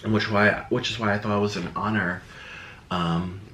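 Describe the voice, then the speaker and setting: A man's voice: fairly low pitch, fairly even intonation, normal speed, sharp tone, a little hiss or hum. A young man YouTuber talking casually to camera, rambling and defensive, slipping into sarcastic quoted voices. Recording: echoey room.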